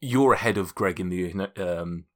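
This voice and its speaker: A man's voice: low voice, measured pace. A man running a tabletop game, rambling and correcting himself as he narrates. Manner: rambling, self-correcting, laughs often. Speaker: game master.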